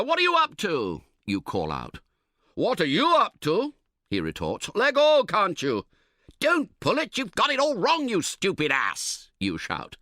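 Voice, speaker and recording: Male audiobook narrator, very animated pitch, dry close mic, wry comic delivery. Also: no room sound. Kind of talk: scripted narration.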